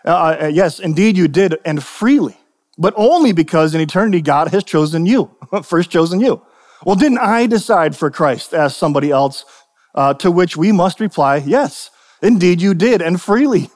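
A man's voice: on the high side, darkish tone. Chatty male preacher in a reverberant hall. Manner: conversational, repeats and restarts, asks "right?". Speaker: pastor. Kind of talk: sermon.

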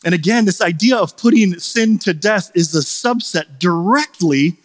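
A man in his thirties preaching a sermon, telling a story in a loose, chatty way before building to forceful exhortation. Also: sits high, animated, normal speed, big-room sound. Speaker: pastor.

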